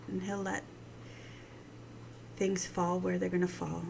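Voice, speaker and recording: Slow, gravelly-voiced woman speaking tenderly. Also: on the low side, little pitch movement, a little hiss or hum, rough recording. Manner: soft, slow and tender, often hushed. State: morning voice. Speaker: devotional host. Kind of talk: gentle devotional talk.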